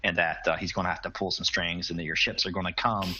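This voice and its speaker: A man's voice: sits low, flat delivery, fast talker, sharp tone, lo-fi sound, slight background noise. A man narrating a tabletop role-playing game as game master, in a casual, hesitant way.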